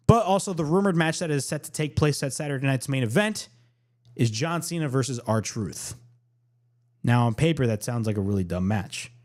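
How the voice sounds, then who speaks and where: Podcast host guy going over last night's wrestling, excited, says stuff twice to hammer it home. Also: mid-range voice. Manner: animated, repeats himself for emphasis. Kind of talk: casual wrestling recap.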